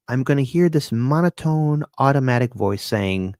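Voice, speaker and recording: A man hosting his own commentary show, talking earnestly and often circling back to repeat a phrase for weight. His voice sits at a middling pitch, and the sound is dry and close, with no room around it. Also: expressive, moderate pace, hardly any pauses, a little mellow, no echo. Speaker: host. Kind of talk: casual solo commentary.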